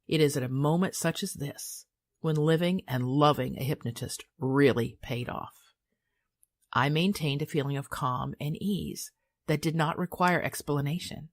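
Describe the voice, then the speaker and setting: An older woman reading her own memoir aloud in a calm, measured, soothing way. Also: sits low. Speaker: author and hypnotist.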